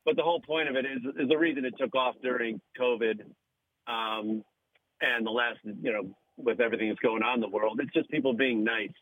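A man's voice: medium pitch, fairly quick, dry recording, phone-quality sound. A man who is a radio show guest, chatting casually and telling a story with acted-out voices and frequent laughs. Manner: animated storyteller, acts out voices, laughs often. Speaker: radio show guest, comedian and podcast host. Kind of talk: casual chat.

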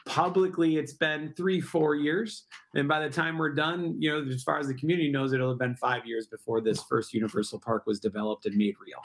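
Earnest middle-aged man, fairly high voice. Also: steady tone, fairly quick. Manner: earnest, persuasive, explains at length. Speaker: guest, park project founder. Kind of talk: interview answers.

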